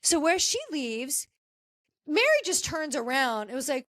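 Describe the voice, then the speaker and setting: High-voiced chatty woman recapping reality TV. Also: expressive, a little slow, a bit bright, no echo. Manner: chatty and opinionated, talking straight to cast members. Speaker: podcast host.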